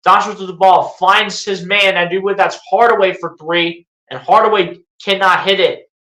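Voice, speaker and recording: Bright, excitable fan play-by-play caller. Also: mid-range voice, normal speed, reverberant, poor audio. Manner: excitable, rises into sarcastic rants and pleas. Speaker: live play-by-play streamer.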